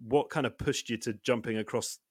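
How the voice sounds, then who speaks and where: A man's voice: medium pitch, steady tone, a little fast, no room sound, clean studio sound. A man hosting a podcast, asking long, rambling questions with chuckles and restarts. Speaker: podcast host. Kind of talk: casual interview chat.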